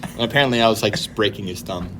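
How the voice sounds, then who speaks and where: A man on a podcast, telling childhood stories in a casual, animated way and laughing as he goes. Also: lowish voice, racing, noisy background. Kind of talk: casual storytelling chat.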